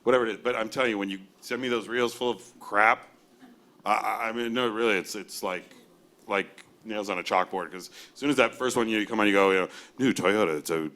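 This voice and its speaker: A man who works as a voiceover agent, speaking bluntly on a panel and telling lively stories. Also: lowish voice, fast talker. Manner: blunt, animated storyteller with mimicry. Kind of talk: panel discussion.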